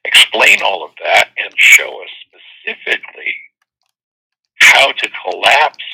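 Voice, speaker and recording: Gravelly husky man teaching spirituality. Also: fairly low pitch, low-quality recording. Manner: storytelling, animated quoting voices. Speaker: host and workshop teacher. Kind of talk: spiritual talk with call-ins.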